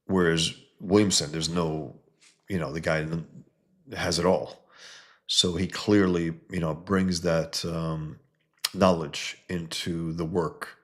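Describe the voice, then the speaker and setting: A man's voice: low-pitched, steady tone, slow pace. A man reviewing a comic book in casual, rambling commentary, talking to his viewers. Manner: rambling, conversational, many restarts.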